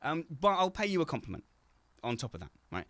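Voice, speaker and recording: A man's voice: fairly high pitch, big pitch swings, quick pace, no room sound. A man hosting a casual video-call chat from home, joking and teasing, with frequent stumbles and restarts. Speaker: host.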